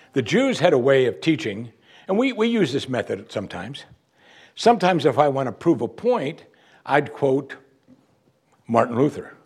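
A man's voice: mid-range voice, a little mellow, slightly rough. A man, a pastor, preaching an expository sermon in a conversational way and acting out quotes from the text.

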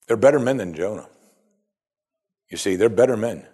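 A man preaching a sermon, animated, swinging between loud exclamations and quiet asides. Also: lowish voice, moderate pace, long pauses, husky. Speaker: pastor.

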